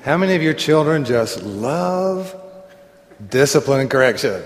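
A man preaching a sermon as pastor, talking conversationally with asides and frequent throat clearing. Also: medium pitch, big pitch swings, measured pace, long reverb tail.

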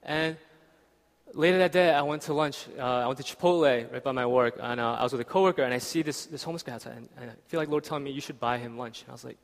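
A young man preaches a sermon in a church hall, speaking fast in a mid-range voice. His style is casual and conversational, with frequent "right?" checks, and the recording carries the hall's reverb.

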